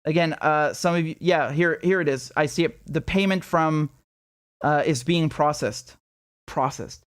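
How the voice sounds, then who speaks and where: A man's voice: fairly high pitch, moderate pace, clean tone, no echo, studio quality. Heated, profane male political commentator. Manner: heated, profane, sarcastic, with frequent restarts; reads viewer donation messages aloud. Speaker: independent political commentator and host. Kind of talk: live-streamed political commentary.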